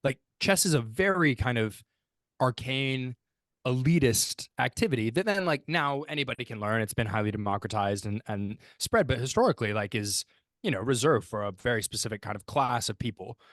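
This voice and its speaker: A man's voice: mid-range voice, lively intonation, fairly quick, fairly bright tone, no echo. A man co-hosting a casual podcast, thinking aloud in a rambling way and restarting his sentences. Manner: thoughtful, rambling with restarts and fillers. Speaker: podcast co-host.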